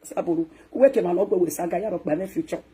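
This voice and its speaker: With a Nigerian accent, a woman hosting a social media talk show rants and scolds, swinging from loud eruptions to hushed mutters. Her voice is fairly low and slightly rough, and she keeps a quick pace.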